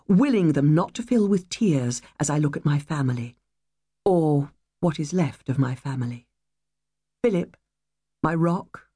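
A woman reading a first-person novel aloud, measured and wistful. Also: on the low side, dark tone, no room sound, studio quality. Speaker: audiobook narrator. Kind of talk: first-person audiobook narration.

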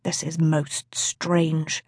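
A woman narrator voicing a stern, mysterious nobleman in an audiobook, with a deep, commanding tone. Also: fairly even intonation, moderate pace, no room sound, clean studio sound, lightly acted. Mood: puzzled muttering.

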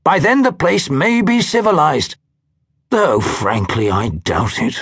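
A man's voice: fairly high pitch, huge pitch swings, slow pace, fairly bright tone, husky, no room sound, exaggerated voice. A man reading the part of a worried alien starship captain who would rather avoid trouble, with a wry, dodging manner. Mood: wry, evasive.

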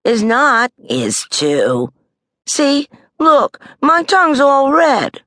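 A woman's voice: sits high, wildly swooping pitch, drawn-out words, a bit bright, no room sound, studio quality, pitched above the performer's own voice, exaggerated voice. A woman voicing a dramatic young girl who fakes being sick, with whiny, pleading delivery in an audiobook. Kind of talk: audiobook character voice.

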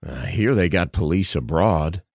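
A man's voice: low voice, expressive, a little slow, darkish tone, dry recording, studio quality, heavily acted. A male narrator voicing a tough former special-ops leader who speaks in terse, slangy lines.

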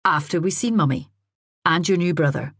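A woman voicing a cheerful young father, all brightness and brisk encouragement as he coaxes his little boy. The tone is a touch lifted and husky, read close and dry in a storybook telling. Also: fairly low pitch, no room sound. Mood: firm, breezy.

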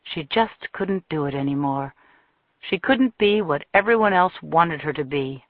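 Brief: woman audiobook narrator, expressive storytelling, tinny dry recording. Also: sits low, dry recording. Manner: measured, expressive reading. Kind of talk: scripted narration. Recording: thin phone-like dry sound.

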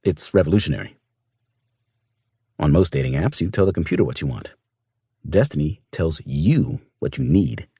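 A man narrating a first-person audiobook in a smooth, measured storytelling manner. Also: deep voice, warm tone, no room sound, studio quality.

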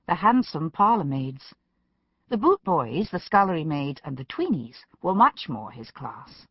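A woman narrating an audiobook in a measured storytelling manner. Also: on the low side, husky, dry recording, lo-fi sound. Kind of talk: scripted narration.

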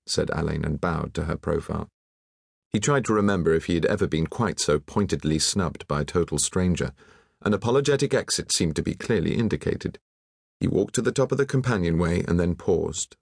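A man with a very deep, low voice reading a classic mystery audiobook in a measured, even way. The recording is close and dry, with no room sound at all. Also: vocal fry, dry recording. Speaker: audiobook narrator. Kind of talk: scripted narration.

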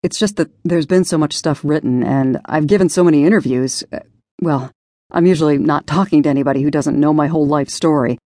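A woman's voice: low-pitched, fairly quick, dark tone, dry recording, clean studio sound, close to an everyday voice. A woman voicing a charming young male singer who talks in an easygoing, slightly sheepish way.

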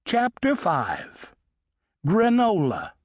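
Male children's audiobook narrator with a lively, singsong delivery and a fairly high voice. Dry, close studio sound. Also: slightly rough, no echo. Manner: slow, expressive storytelling with playful emphasis. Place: recording studio. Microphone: studio microphone.

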